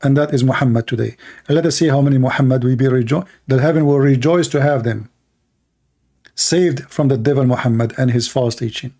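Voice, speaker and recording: A man with a gravelly, dark voice hosts a livestream and preaches with fervent conviction. He speaks in short declarative bursts. His voice is worn and hoarse from hours of talking. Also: mid-range voice, brisk. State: losing his voice. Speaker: livestream host. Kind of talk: impassioned preaching monologue.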